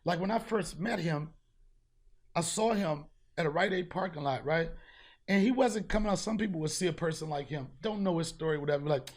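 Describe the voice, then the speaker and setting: A man hosting a podcast, telling a street story in casual chat, profane and animated, acting out the people he met. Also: a little high, a little fast. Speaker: podcast host.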